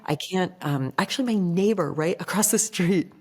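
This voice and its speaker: A woman guest on a podcast, chatting casually, telling stories in a lively way, acting out quoted voices and saying "like" often. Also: lowish voice, normal speed, slightly rough. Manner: animated storyteller who acts out quoted voices, heavy use of "like".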